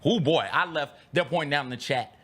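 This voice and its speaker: A man co-hosting a sports talk show, casual and animated, firing off incredulous reactions. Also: fairly high pitch, fairly quick.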